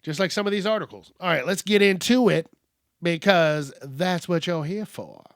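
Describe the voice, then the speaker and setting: A male podcast host with a high-sitting voice and moderate pace riffs casually on news stories, joking, swearing freely and tossing in rhyming asides. The audio is studio quality with no room sound.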